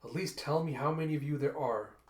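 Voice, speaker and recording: A man's voice: fairly high pitch, a little fast, roomy sound, lightly acted. A man voicing a young half-wolf woman from a comic book, heated and pleading. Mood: angry.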